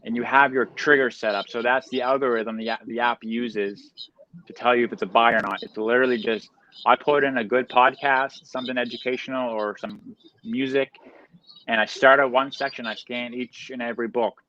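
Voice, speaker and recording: A man from Canada, a guest on a live stream, talking in a loose, slangy, energetic way with many fillers. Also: mid-range voice, a little fast, dull audio. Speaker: guest, reseller. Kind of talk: casual interview chat.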